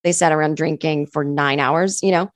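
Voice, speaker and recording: A woman comedian with a low, steady voice appears as a guest on a podcast, telling stories at a moderate pace in relaxed conversation. She's chatty, sprinkles in "like" constantly, and acts out what other people said. The recording is studio quality with no room sound.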